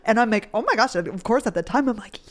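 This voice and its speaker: A woman's voice: a little high, animated, fast, heavy background noise. A young woman hosting a podcast, telling a personal story in a candid, chatty way and swearing freely. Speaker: podcast host. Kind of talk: casual storytelling.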